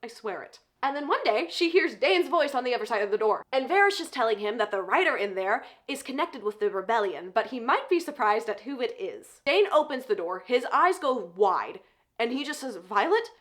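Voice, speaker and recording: Animated woman recapping a novel. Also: on the high side, brisk. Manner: animated, joking asides. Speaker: book reviewer. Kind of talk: casual book plot summary.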